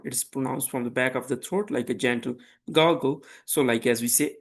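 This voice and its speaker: A man from Pakistan teaches a beginner French lesson, patiently and deliberately giving French phrases with their English meanings for the listener to repeat. His voice is mid-range, and the lesson is slow, built on repetition drills.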